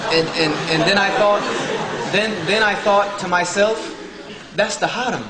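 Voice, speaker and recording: A man's voice: high voice, measured pace, a loud crowd, very noisy. A man telling a humorous personal story to an audience, acting out the dialogue of others. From Southern United States. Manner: joking, acts out the dialogue of others. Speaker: speaker telling his story. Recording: echoey hall with faint ambience.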